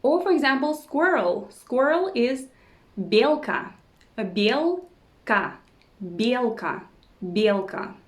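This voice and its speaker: A woman teaching an online language lesson, pronouncing each word slowly and repeating it several times. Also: high voice, very animated. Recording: roomy echo.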